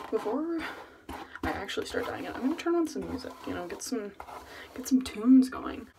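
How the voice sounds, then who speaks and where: A woman's voice: on the high side, very animated, normal speed, creaky, background noise. A woman vlogging at home in a casual, rambling, self-mocking way, muttering asides to herself. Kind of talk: casual chat. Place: at home, indoors.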